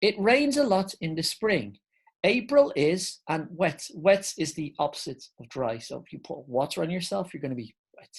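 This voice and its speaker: A woman's voice: sits low, lively intonation, normal speed, husky. A woman teaching an online English grammar lesson, explaining step by step and calling her viewers guys.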